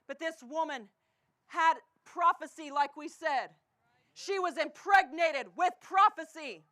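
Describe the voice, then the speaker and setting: A woman with a Canadian accent preaching a sermon in a church, swinging between impassioned shouting and a hushed, low delivery. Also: unhurried. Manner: impassioned preaching, often shouting, then dropping to a hush. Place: church sanctuary.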